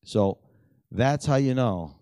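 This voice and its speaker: A middle-aged man telling prayer stories in a lively, animated way, acting out the dialogue. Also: slow, clear, resonant tone, no room sound, studio quality. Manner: animated storyteller who acts out dialogue with big pitch jumps. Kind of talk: storytelling testimony talk.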